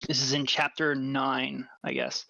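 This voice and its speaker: A man running a tabletop game as dungeon master, casually reading rules aloud with halting restarts. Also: mid-range voice, sing-song, vocal fry, pushed and bright, muffled recording.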